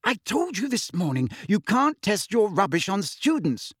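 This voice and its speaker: A man voicing an indignant teenage schoolgirl, sharp and scolding, in an audiobook. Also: sits high, very animated, normal speed, husky, no room sound, clean studio sound, voice pushed up, heavily acted. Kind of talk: audiobook character voice.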